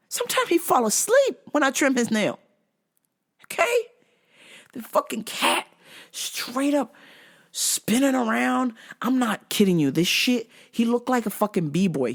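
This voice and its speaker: Animated, foul-mouthed woman ranting. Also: mid-range voice. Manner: profane, animated storytelling with frequent swearing. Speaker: vlog host. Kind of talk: casual comedic rant.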